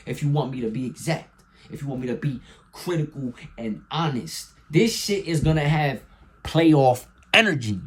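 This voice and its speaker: Hyped young man ranting sports picks. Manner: hyped and profane, swinging from loud excitement to low mumbles. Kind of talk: casual sports prediction monologue.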